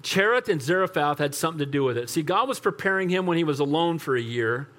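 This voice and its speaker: An older man preaching a sermon as pastor, animated and rhetorical, asking the congregation for amens. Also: fairly high pitch, fast talker.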